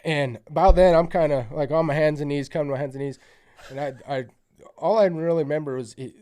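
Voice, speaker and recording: A man's voice: fairly high pitch, fairly quick, mellow. A man from Utah, a hunting guide, telling a story as a podcast guest in a rambling, profane way, full of fillers like "you know" and "like". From South Central Utah. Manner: acts out quoted lines. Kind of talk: casual storytelling.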